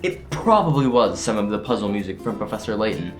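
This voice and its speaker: A man's voice: lowish voice, big pitch swings, quick pace, faint music behind. A teenage boy telling his school day in a casual video diary, chatty and full of "like". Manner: chatty, full of "like", acts out classmates' lines. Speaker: vlogger.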